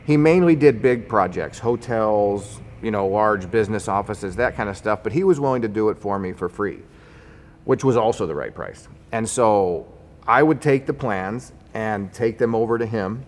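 A man telling a personal story in a conversational, wry way, getting animated as he recounts it. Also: on the low side, normal speed. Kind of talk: personal story told to an audience. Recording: long hall reverb.

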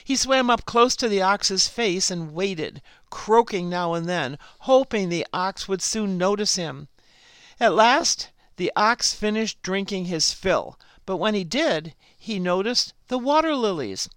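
A woman host reads a fable aloud at an unhurried, deliberate pace. Her voice is smooth and clear. The recording is dry and close, with no room sound. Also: mid-range voice, animated, dry recording. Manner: slow, unhurried read-aloud delivery. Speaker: program host and storyteller. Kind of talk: scripted story narration.

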